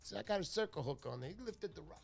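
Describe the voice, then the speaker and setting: A man hosting a casual fishing livestream, chatty and excitable, thanking viewers by name. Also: a little high, fast, gravelly, faint music behind. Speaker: livestream host.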